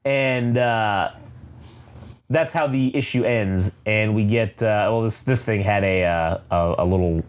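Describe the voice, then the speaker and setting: A man casually recapping a comic book story, swearing freely and acting out the characters' lines in quick quoted voices. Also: lowish voice, clean tone. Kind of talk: casual chat.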